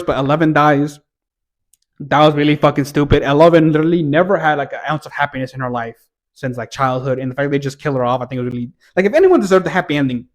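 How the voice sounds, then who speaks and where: Profane, ranting young-sounding man. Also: fairly high pitch. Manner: profane, exasperated, rambling with restarts. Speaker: TV reviewer. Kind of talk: casual ranting review.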